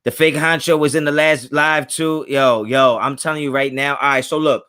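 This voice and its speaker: A man's voice: on the high side, fairly even intonation, normal speed, sharp tone, smooth. A man hosting a casual livestream from home, talking in laid-back slang and greeting chatters by name. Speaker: livestream host. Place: home, kids in another room.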